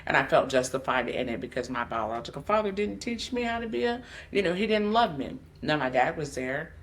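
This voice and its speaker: A woman's voice: deep voice, very animated, brisk. A woman life coach hosting her podcast, speaking candidly and emotionally and addressing her listeners directly. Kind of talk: personal motivational podcast monologue.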